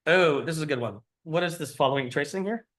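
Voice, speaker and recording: A man's voice: a little high, quick pace, fairly bright tone. A middle-aged man giving a conversational teaching lecture, explaining and quizzing his audience. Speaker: cardiology lecturer.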